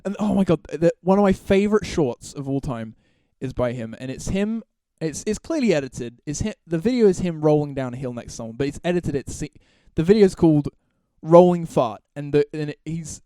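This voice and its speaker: A man's voice: on the high side, warm tone, dry recording, studio quality. A man hosting a solo podcast, talking casually in long, rambling, profane stretches full of restarts and laughs. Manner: laughs through his stories. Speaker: podcast host.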